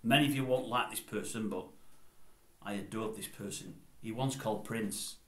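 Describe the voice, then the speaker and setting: A man's voice: on the low side, moderate pace, a bit bright. An older man giving his opinions in a casual vlog, rambling and going off on tangents. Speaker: YouTube commentator. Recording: roomy echoey room.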